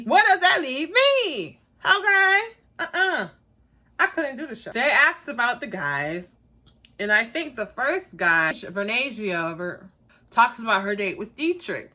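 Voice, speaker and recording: A woman chatting casually about a reality show in an animated, sassy way, often laughing and acting out quotes. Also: on the high side. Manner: laughs often while talking. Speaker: YouTuber reviewing a reality dating show. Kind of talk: casual chat.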